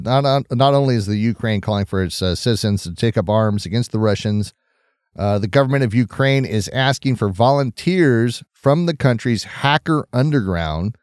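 A man's voice: medium pitch, darkish tone, clear, resonant tone, no echo, studio quality. A middle-aged man from Southern California hosting a casual news commentary stream, talking in a conversational, opinionated way as he reacts to the news.

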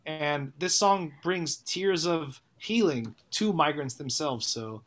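Rambling, animated male songwriter. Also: a little high, slow pace, few pauses. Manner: animated, rambling, with frequent restarts and profanity. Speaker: songwriter and musician guest. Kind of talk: casual interview talk.

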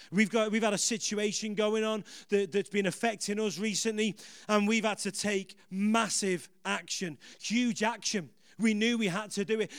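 A male preacher with a high, smooth, clear voice, recorded close and dry. He preaches with rousing energy, swelling into shouts and then easing back with a chuckle. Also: dry recording. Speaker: pastor. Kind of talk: sermon.

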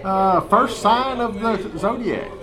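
A man in casual banter, teasing his friend while reading aloud haltingly. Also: high-pitched, crowd noise.

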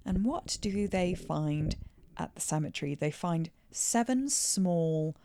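Low-voiced woman recapping a film. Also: lively intonation, slow pace, mellow, no echo. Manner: chatty storyteller, recaps plot with playful asides. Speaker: podcast co-host. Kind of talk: casual film review chat.

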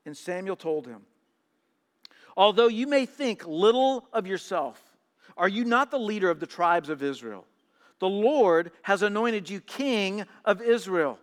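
A man preaching a sermon, reading scripture and explaining it, swinging from hushed trailing lines to loud emphatic reading, sometimes stammering on repeated words. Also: high voice, lively intonation, moderate pace, in a large hall.

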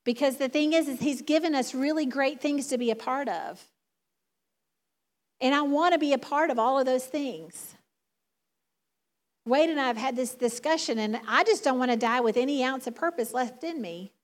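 A woman's voice: high-pitched, moderate pace. A middle-aged woman preaching a sermon in a chatty, conversational way, laughing often.

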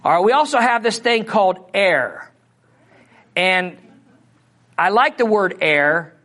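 A man's voice: high-pitched, expressive, unhurried, sharp tone. Missouri man teaching from the Bible. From Missouri, USA. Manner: conversational, asks the audience questions. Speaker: preacher.

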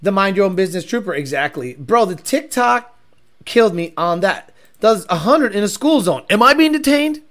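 Animated, crude-joking male host. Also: high voice, moderate pace. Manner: crude, joking, profane, rambling. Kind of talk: casual reaction commentary.

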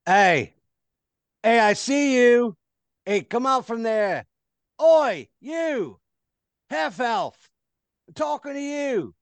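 A man voicing a gruff male town guard who barks "oi" and then turns apologetic and rambling. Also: on the high side, lively intonation, a little slow, no echo, voice pushed up. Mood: barking.

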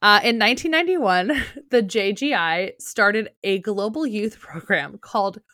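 A young woman with a New Jersey accent co-hosts a podcast, chatting loosely with plenty of "like" fillers and the odd swear word. Her voice sits at an ordinary middle pitch and sounds dry and close to the mic. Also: animated, measured pace, bright, forceful tone, dry recording. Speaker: podcast co-host. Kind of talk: casual chat.

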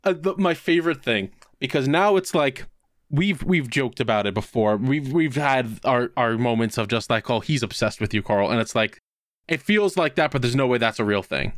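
A man's voice: medium pitch, normal speed, no room sound, clean studio sound. A man co-hosting a podcast, telling a work story in casual chat and acting out the quotes. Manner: animated storytelling with voiced quotes. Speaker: podcast co-host.

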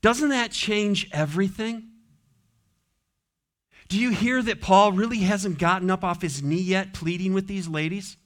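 A man, pitched a bit higher than most men, preaches in a loose, conversational way. He slips into quoted voices and little acted scenes as he goes. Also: measured pace. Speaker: pastor. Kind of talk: sermon.

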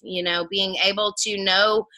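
A woman's voice: mid-range voice, little pitch movement, measured pace, rough recording. A woman who works as a medium, telling a personal story earnestly in casual conversation. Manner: earnest, drops to a hushed voice when telling intimate moments.

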